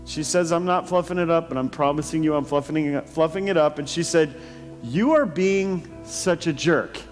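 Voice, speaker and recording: A pastor preaching a sermon, telling a personal story in a chatty way and laughing often. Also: male voice, fairly high pitch, normal speed, big-room sound, faint music behind. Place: church hall.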